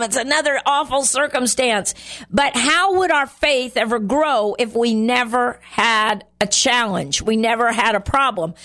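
An earnest woman with a fairly high voice gives a conversational sermon on her show. She speaks warmly and directly to her listeners and slips into character voices when she quotes scripture dialogue. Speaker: Bible teacher hosting a show.

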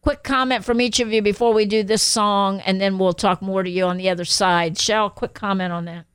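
A woman's voice: medium pitch, fairly even intonation, fairly quick, fairly bright tone, clear, resonant tone, dry recording. A woman pastor hosting a radio show, preaching emphatically and affirming her guests. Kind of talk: radio sermon talk.

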